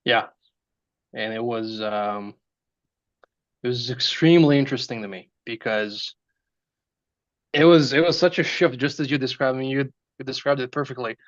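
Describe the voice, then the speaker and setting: Relaxed man from Serbia on a muffled line. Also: medium pitch, moderate pace, long pauses, no room sound. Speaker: guest. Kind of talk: casual storytelling in conversation.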